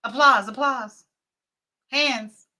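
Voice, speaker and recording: Bright, slow-talking laughing woman host. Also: on the high side. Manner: laughing, chatty, talks to viewers. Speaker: livestream host. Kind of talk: casual livestream chat.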